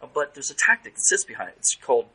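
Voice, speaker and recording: A man speaking as a guest consultant in a casual podcast interview, lively and acting out phone calls in quoted voices. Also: medium pitch, very fast, husky, poor audio.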